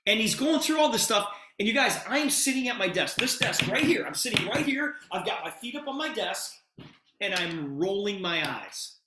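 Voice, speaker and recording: A middle-aged man giving a storytelling sales pitch as a presenter, animated and acting out conversations in quotes. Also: normal speed, noisy background. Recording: echoey room.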